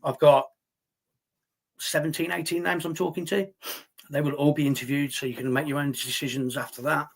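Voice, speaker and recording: A man's voice: fairly high pitch, steady tone, fairly quick, creaky, long pauses. A man hosting a live stream, answering viewer chat in heated, indignant talk with plenty of swearing. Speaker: livestream host reading viewer chat.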